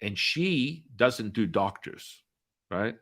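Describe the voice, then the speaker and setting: Animated storytelling podcast host, man. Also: takes it slowly. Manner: acts out quoted dialogue with big swings in pitch and loudness; chatty, with many fillers and tag questions.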